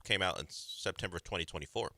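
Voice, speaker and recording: Man, low voice, bright tone, dry fact-checker, sports radio co-host, dry studio sound. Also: fast talker, gravelly, no room sound. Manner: dry, corrects the facts. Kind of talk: casual studio banter.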